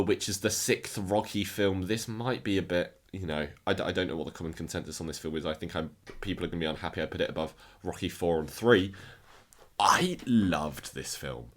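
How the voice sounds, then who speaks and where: A man casually ranking films in a review video, enthusiastic and often repeating words as he restarts his sentences. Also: deep voice. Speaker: film reviewer.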